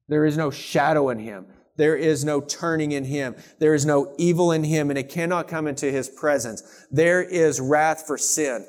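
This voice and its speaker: Male preacher, slightly high voice, fervent sermon that swings from loud to hushed. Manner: passionate, swings from loud scripture reading to hushed intensity.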